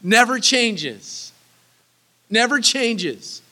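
An earnest male preacher teaching verse by verse, pressing his point home by repeating key phrases. His voice sits high and rings bright and forceful. He slips into a casual, conversational aside now and then. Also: sing-song, drawn-out words. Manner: casual asides that break into laughter. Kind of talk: sermon, verse-by-verse Bible teaching.

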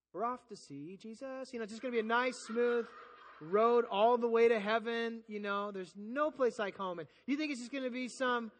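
Male pastor, high voice, lively sermon delivery, acts out voices, loud-to-soft swings. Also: long reverb tail. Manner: animated preaching, swinging between loud emphasis and soft quiet passages; acts out quoted voices and asides.

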